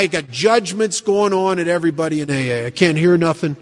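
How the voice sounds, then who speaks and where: Guy w a high voice giving his testimony to a room, blunt and self-mocking, long hall echo. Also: a little fast. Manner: blunt, self-mocking storyteller with rhetorical questions. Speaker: speaker sharing his story at a recovery meeting. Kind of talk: personal testimony talk to a live group. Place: meeting room with an audience.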